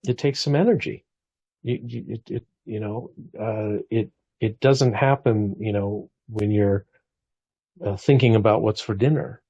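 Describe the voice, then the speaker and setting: Low husky voice, reflective man in his forties, dull lo-fi sound. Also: unhurried, no room sound. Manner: reflective, warm storytelling with frequent restarts. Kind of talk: casual conversation.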